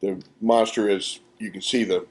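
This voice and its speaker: A man, an actor guest, telling set stories with animated delivery and acting out quotes, recorded at a live podcast in a small theatre. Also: fairly low pitch, moderate pace. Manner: animated, acts out quotes with laughter. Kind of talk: casual anecdotal storytelling.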